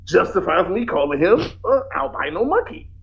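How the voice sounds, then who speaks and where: A man's voice: sits high, very animated, moderate pace, gravelly, crowd noise. A man co-hosting a podcast who teases his partner, laughs often and jumps in to interrupt. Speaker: podcast co-host. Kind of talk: casual chat reacting to a TV episode. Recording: lo-fi podcast audio with faint noise.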